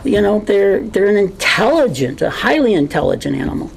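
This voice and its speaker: A woman with an Idaho accent giving an earnest, impassioned candidate forum speech, halting at times with many fillers. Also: mid-range voice, big pitch swings, creaky, slight background noise, rough recording.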